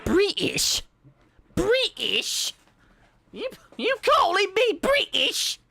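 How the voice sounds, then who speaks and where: A man's voice: very high-pitched, wildly swooping pitch, extremely slow, vocal fry, sharp tone, voice pushed up, heavily acted. A man voicing an exaggerated, indignant caricature of a British bloke, squealing and mocking. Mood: mock outrage.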